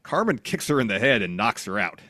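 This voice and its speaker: A low-voiced man recaps the week's matches like a co-host walking through his notes. His delivery is steady and matter-of-fact. The sound is close and dry, with no room around it. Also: a little fast, dry recording. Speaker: podcast co-host. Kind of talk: casual wrestling recap.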